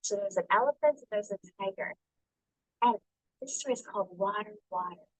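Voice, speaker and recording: A woman teacher reads a picture book with a class of young children, coaxing them with questions and stretching the words out slowly as she points to them. Her voice sits at a middle pitch. It is recorded dry and close, with almost no room sound. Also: dry recording, rough recording. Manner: coaxing, calls on children by name and asks questions.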